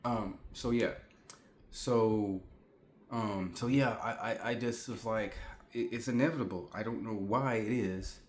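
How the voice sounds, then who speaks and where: A man's voice: on the low side, a little slow, a little hiss or hum. A man in his forties telling a story to the camera at home in a chatty way, repeating himself and talking straight to the viewers. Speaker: vlogger. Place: indoors at home. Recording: echoey room.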